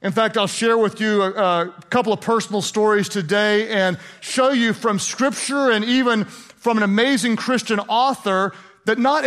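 This pastor's sermon sounds like a chat with his congregation, full of questions aimed at the crowd and bits of playful sarcasm. His tone is fairly bright, and his voice is high for a man.

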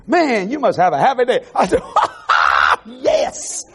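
A man preaching an animated evangelical sermon to a congregation on television, laughing and shouting asides as he goes. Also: extremely high pitch, moderate pace, background noise. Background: faint congregation crowd.

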